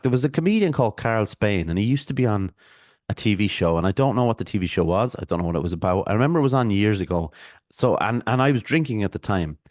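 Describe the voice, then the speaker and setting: Irish male podcast host, low voice, opinionated rambling solo rant, dry close sound. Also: darkish tone, no echo. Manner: opinionated, rambling, self-mocking. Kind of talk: solo ranting monologue. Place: apartment.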